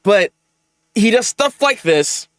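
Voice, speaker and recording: A man hosting a live manga reaction, excitable and exasperated, with frequent restarts and repeated words. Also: sits high, dry recording, clean studio sound. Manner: excitable, exasperated, talks fast with many restarts.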